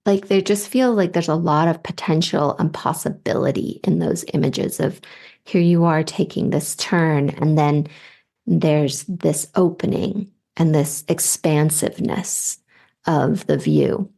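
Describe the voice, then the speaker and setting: Slow, gravelly low-voiced woman host. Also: steady tone. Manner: soft, unhurried, with light laughs. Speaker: podcast host and intuitive reader. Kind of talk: slow, spiritual guidance reading.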